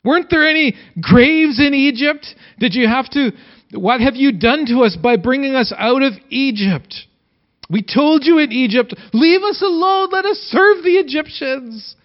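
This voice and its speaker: A man voicing a terrified crowd of fleeing people who cry out in shrill, panicked complaint. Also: expressive, measured pace. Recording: dull lo-fi recording.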